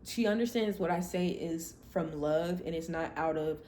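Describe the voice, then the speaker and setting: A young adult woman hosting a podcast, telling a personal story in a candid, blunt and expressive way. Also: fairly low pitch, normal speed, slight background noise. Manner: blunt, expressive, animated when quoting herself. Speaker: podcast host.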